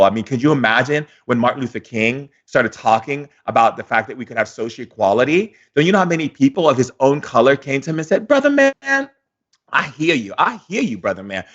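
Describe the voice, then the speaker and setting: A man giving a daily spiritual lesson as a shaman, speaking theatrically with slow pauses and acted-out dialogues. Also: medium pitch, dull audio.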